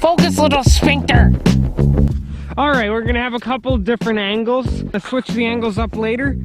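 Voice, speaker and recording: A man's voice: very high-pitched, steady tone, fairly quick, loud music behind the voice. A young man hunting outdoors in the cold and filming a casual vlog, goofy and crude, talking to himself and to the camera. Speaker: YouTube hunting vlogger.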